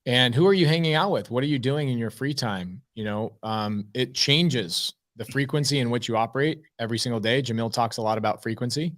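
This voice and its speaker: Guy cohosting a podcast, mid pitch, earnest, lots of ums, kinda rambly. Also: brisk, few pauses, a bit bright. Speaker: co-host. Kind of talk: casual live podcast chat.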